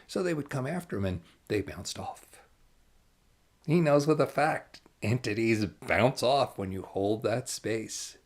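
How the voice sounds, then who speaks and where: A man giving an animated, emphatic channeled spiritual talk, now and then dropping to hushed asides. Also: mid-range voice, measured pace.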